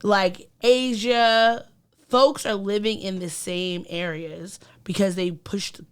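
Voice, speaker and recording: A woman co-hosts a podcast in a smooth, clear voice. She talks in an earnest, reflective way, with plenty of ums and likes as she thinks aloud. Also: mid-range voice, steady tone, slow pace. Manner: earnest, reflective, many fillers like um and like. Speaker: podcast co-host. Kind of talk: casual podcast chat.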